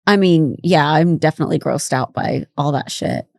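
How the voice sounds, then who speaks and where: Woman podcast co-host, frank and salty, slightly low pitch, dry close-mic sound. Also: moderate pace, gravelly, no echo. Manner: frank, blunt, swears casually. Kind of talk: casual chat recapping a reality show.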